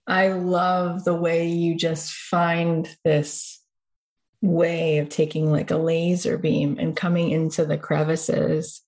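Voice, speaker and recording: Effusive low-voiced woman host. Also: a little mellow. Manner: effusive, storytelling. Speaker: podcast host. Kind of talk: conversational interview.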